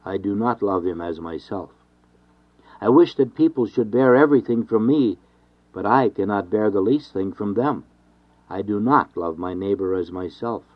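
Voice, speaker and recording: A man giving an earnest, measured reading of a devotional sermon with steady, repeated refrains. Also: on the low side. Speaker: reader of a devotional text. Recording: dull lo-fi recording.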